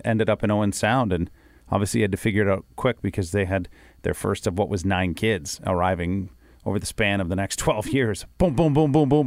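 A young Canadian man telling stories in casual chat, animated with quick asides, on a podcast. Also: lowish voice, no room sound, studio quality.

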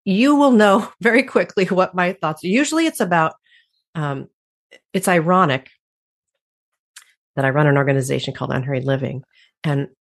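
A woman's voice: fairly low pitch, expressive, moderate pace, pauses often. A woman guest in an interview, speaking reflectively and laughing often. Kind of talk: conversational interview.

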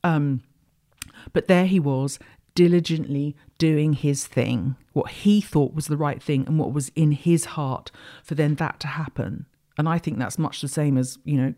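A woman with a low voice and warm tone hosts an astrology talk show. She rambles and reflects casually on spiritual matters, with many restarts along the way.

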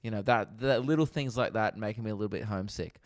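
A man's voice: lowish voice, quick pace, no room sound. Jokey young Australian man, dry close sound. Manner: jokey storyteller, laughing often. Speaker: podcast host. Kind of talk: casual chat over video call. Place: at home, remote. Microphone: video call.

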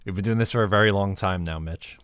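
A man hosting a casual sports podcast, relaxed and conversational, laughing easily. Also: low-pitched, fast talker, clear, resonant tone, dry recording. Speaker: podcast host.

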